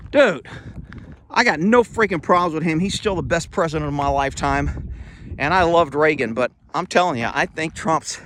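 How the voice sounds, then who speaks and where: A man's voice: on the high side, fairly bright tone, a little hiss or hum. A middle-aged man, rambling bluntly while walking outdoors, slightly out of breath, recorded on a phone. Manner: rambling, blunt, chuckling asides. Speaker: vlogger. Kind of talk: casual walking monologue. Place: outdoors on rural property. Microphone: phone held while walking.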